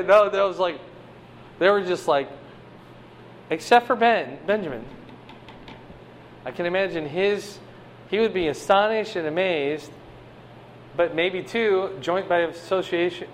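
A man giving a conversational sermon, teaching a Bible passage with animated swings between loud emphasis and quiet asides. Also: fairly high pitch, a little slow, slight background noise.

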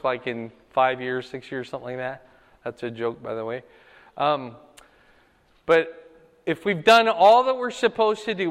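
A man preaching a Bible lesson in a high, bright, ringing voice. He is emphatic and keeps asking his class "okay?". The hall carries a long reverb. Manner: emphatic, asks the room "okay?" and "right?". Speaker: pastor teaching a Bible class. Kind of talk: sermon-style Bible teaching.

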